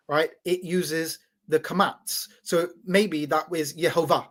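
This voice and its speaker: A man with a slightly higher voice than most talks through an explanation in a loose, casual way. He stumbles and restarts often, repeats his words, and keeps checking in with his listener. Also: fairly even intonation, slow, hardly any pauses, fairly bright tone. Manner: teaching tone, checks in with "right?". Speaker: podcast host.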